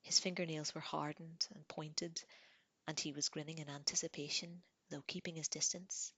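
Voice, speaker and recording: Low-voiced woman reading a story. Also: little pitch movement, normal speed, sharp tone, slightly rough, dry recording. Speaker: audiobook reader. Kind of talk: audiobook narration.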